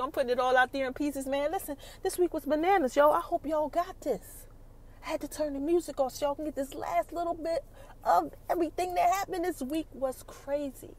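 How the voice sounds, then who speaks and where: High-voiced woman animatedly recapping a TV episode. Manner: animated storytelling, acts out characters' lines. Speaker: podcast host.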